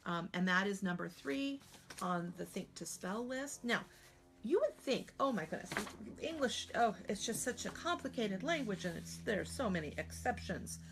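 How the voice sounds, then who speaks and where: An American woman teaching spelling in a live online class. She talks in a chatty, animated way and sometimes slips into playful silly voices. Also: medium pitch, moderate pace, slight background noise. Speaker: spelling trainer.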